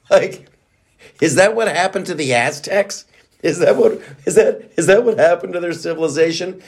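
A male podcast host delivering an indignant, profanity-laced political monologue, with frequent restarts and fillers. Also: medium pitch.

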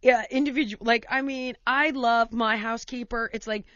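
A woman's voice: fairly high pitch, steady tone, moderate pace, fairly bright tone, no room sound, muffled recording. A woman hosting a talk show, telling a story in a casual, rambling way full of "like" and "you know", laughing as she goes.

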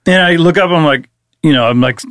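A man's voice: fairly high pitch, fairly quick, fairly bright tone, dry recording. A man co-hosting a comedy podcast, telling a rambling story in casual, profane chat. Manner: rambling storyteller, swears freely. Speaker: podcast co-host.

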